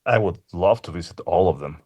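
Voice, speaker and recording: A man's voice: sits low, animated, fairly quick, a little mellow. A man co-hosting a casual podcast chat, mostly chiming in with short reactions. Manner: brief reactions, laughs along. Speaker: podcast co-host.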